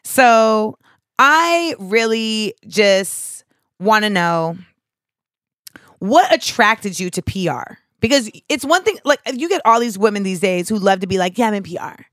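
A young adult woman hosts a relaxed conversation. She talks bluntly and with real animation, leaning on "like" often. Her voice sits in an ordinary middle pitch and is recorded dry and close. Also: slow pace, dry recording. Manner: blunt, animated, says "like" a lot. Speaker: podcast host. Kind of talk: casual chat.

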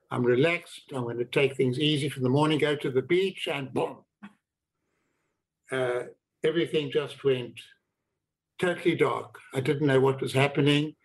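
An older man, recounting his own life story in a reflective, deliberate way, repeating words for emphasis. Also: on the high side, rough recording. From South Africa. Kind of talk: personal storytelling.

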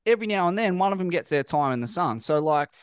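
A man's voice: high voice, lively intonation, fast talker, clean tone, no room sound. An Australian man in his thirties hosting a casual interview, reflective and rambling. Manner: reflective, rambling, many fillers and restarts. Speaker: podcast host.

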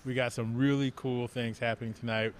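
A man talking as a team executive guest on a radio show, eager and prone to repeating words when excited. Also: mid-range voice, a little fast, a little hiss or hum. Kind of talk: casual radio chat.

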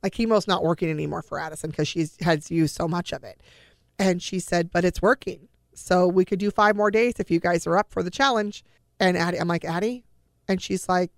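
Woman with a gravelly voice telling a family story. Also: on the low side, brisk, dry recording, clean studio sound. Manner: emotional retelling with acted-out quoted dialogue. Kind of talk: personal storytelling.

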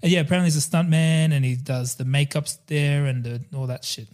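A man chats casually about movies as a podcast co-host. His voice sits slightly high, and he rambles with hesitant fillers between points. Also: steady tone, brisk, a little mellow. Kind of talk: casual film discussion.

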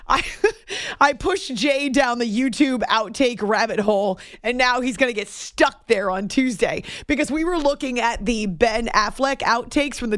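Bubbly woman radio host, kinda high voice, dry close sound, jokes on herself. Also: no room sound. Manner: chatty, self-deprecating, laughs often. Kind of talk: casual morning show chat.

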